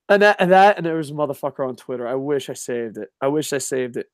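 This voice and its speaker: A man's voice: medium pitch, animated, quick pace, few pauses, dry recording, studio quality. A man co-hosting a casual wrestling talk show, ranting in a heated, profane way. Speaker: podcast co-host.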